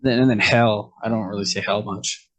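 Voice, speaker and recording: A man's voice: on the low side, fairly even intonation, normal speed, a bit bright. A man who is a guest on a casual podcast chat, speaking in an easygoing way and chuckling often.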